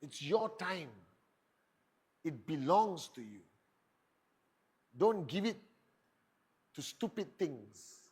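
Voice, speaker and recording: Man, high pitch, motivational speaker, punchy rhetorical questions, emphatic. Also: big pitch swings, extremely slow, pauses often, darkish tone, breathy edge. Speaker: network marketing leader giving a motivational talk. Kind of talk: motivational speech.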